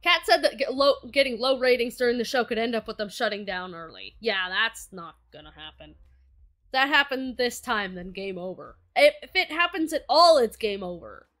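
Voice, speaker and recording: A young woman streaming a game, reading its dialogue aloud and reacting with excitable, profane outbursts. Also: fairly high pitch, normal speed.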